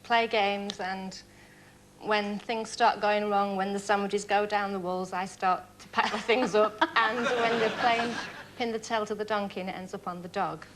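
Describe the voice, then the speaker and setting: Lively woman contestant from Blackpool. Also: mid-range voice, normal speed, slight background noise. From Blackpool, England. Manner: lively, comic storyteller. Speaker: game show contestant. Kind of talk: TV game show chat.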